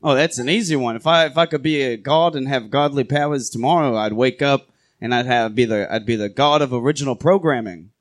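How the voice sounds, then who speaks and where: A man's voice: medium pitch, a little fast. A man, a comedian guest, rambling and laughing through improvised banter at a live show. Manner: rambling, laughing, mock Asgardian bravado.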